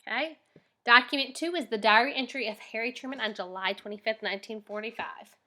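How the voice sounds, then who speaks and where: Bright-voiced woman teacher explaining patiently. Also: on the high side, brisk. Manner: patient and explanatory, often checks in with the class. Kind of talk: recorded lesson, reading documents aloud and explaining questions.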